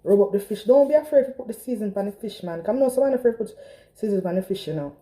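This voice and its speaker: Woman, Trinidadian accent, casual cooking vlog, talkative, warm mellow voice, home kitchen. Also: mid-range voice, expressive, fast talker, rough recording. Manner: chatty, talks straight to viewers. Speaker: home cook vlogger. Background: frying and sizzling in a pan.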